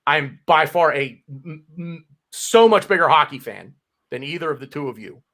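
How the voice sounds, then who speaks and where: A man's voice: a little high, moderate pace. An American man co-hosting a casual football podcast, talking animatedly and often restarting his sentences. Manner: animated, with frequent restarts and repeated words. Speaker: podcast co-host.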